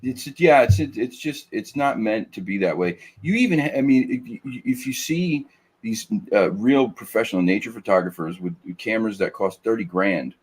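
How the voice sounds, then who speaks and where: A man rants in a casual podcast conversation, stopping and restarting his sentences often. His voice is fairly low and husky. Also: lively intonation. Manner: ranting, halting restarts. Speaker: podcast co-host. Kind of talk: casual chat.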